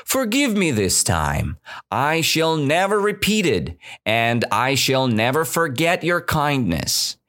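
A man's voice: medium pitch, wildly swooping pitch, takes it slowly, fairly bright tone, full character voice. A man voicing a tiny male mouse in a fable, pleading earnestly and politely with a king for mercy.

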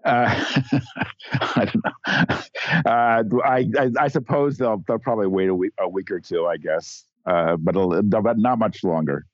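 A man's voice: fairly low pitch, a little slow, no echo, muffled recording. A man appearing as a guest journalist, talking bluntly in a casual political chat, often restarting his sentences.

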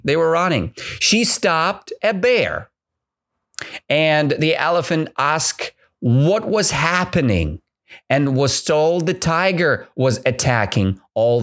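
Man from Russia, podcast English teacher. Slow, highly expressive delivery with constant check-in questions. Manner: retells a story and quizzes listeners with repeated questions. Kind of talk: podcast language lesson.

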